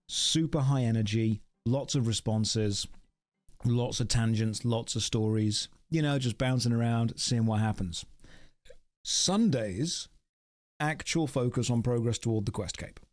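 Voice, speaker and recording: A man's voice: medium pitch, unhurried. Chatty, wry male streamer. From United Kingdom. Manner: chatty, rambling, thanks viewers, wry self-mocking. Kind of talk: casual live-stream chat while gaming.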